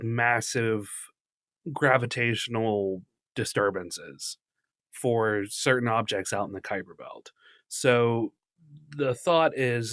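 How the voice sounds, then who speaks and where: Podcast co-host, male, mid-pitched, reads news aloud with animated delivery, dry close mic. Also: no echo. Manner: animated, reads at length, laughs easily. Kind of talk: casual podcast chat, reading news articles aloud.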